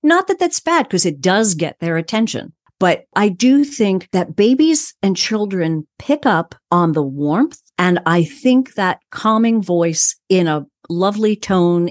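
An older woman, a voice coach, giving calm and assured advice in an interview. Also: mid-range voice, a little slow, few pauses, dry recording, clean studio sound. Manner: calm, assured, explains in a teaching way. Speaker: voice coach guest.

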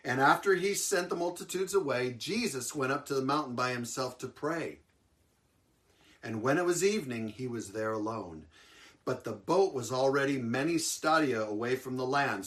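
A man preaching a sermon, retelling a scripture story with lively emphasis and frequent chuckles. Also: medium pitch, normal speed. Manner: animated storytelling, chuckles often.

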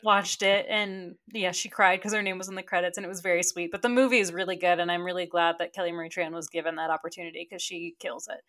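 A woman's voice: lowish voice, steady tone, quick pace, hardly any pauses, fairly bright tone. A woman co-hosting a casual podcast chat who talks enthusiastically and laughs often. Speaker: podcast co-host.

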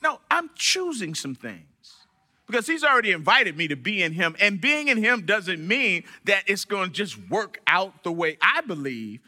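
A man preaching a sermon to his church, animated, with dramatic pauses and quoted voices. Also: high-pitched. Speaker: church member giving a sermon.

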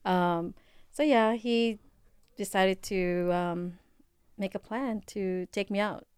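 A woman's voice: mid-range voice, fairly even intonation, takes it slowly, a little mellow, smooth, dry recording. Woman, forties, from the Philippines, chatty guest, fillers and laughs, dry close sound. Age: 40s. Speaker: podcast guest. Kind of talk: casual chat.

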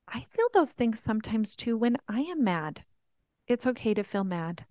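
A woman's voice: medium pitch, lively intonation, moderate pace, mellow, dry recording, clean studio sound. A woman life coach hosting a podcast, telling family stories in an earnest, teaching way. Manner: earnest storytelling, reenacts family talks.

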